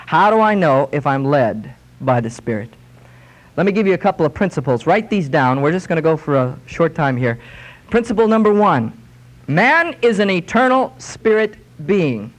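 A man preaching a sermon in a fairly high voice. He drives scripture home with emphatic, drawn-out phrases that climb in pitch, then drops back into plain storytelling. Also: expressive. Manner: emphatic, slowing and rising on scripture quotes.

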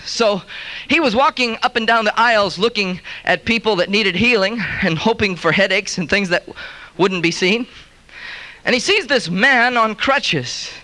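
A male preacher tells stories and builds to emphatic points in a sermon. His voice sits high and rings bright and forceful. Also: moderate pace.

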